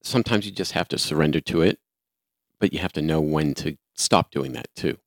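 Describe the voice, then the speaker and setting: Older guy in his 60s, really low voice, straight-talking, dry mic. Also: a little fast, creaky, dry recording. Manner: plain-spoken, practical. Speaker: podcast co-host. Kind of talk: casual chat.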